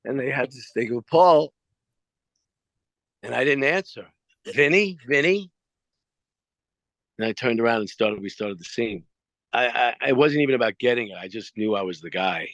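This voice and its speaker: A man's voice: medium pitch, moderate pace, no echo. A middle-aged man, an actor being interviewed, telling anecdotes casually and acting out the lines. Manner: animated anecdotes with acted-out quotes. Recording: dry, slightly dull sound.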